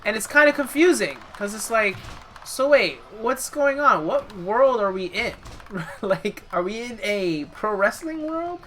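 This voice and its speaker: A woman's voice: on the high side, expressive, unhurried, a little hiss or hum. A woman streaming a wrestling video game, chatting casually and with amusement as she thinks aloud. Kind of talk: casual gameplay commentary.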